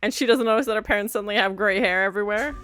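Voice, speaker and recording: A woman's voice: mid-range voice, racing, very noisy. A woman hosting a reaction video, chatting casually and laughing as she comments on an old TV episode. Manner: chatty, laughing, playful asides. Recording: music from the show playing behind.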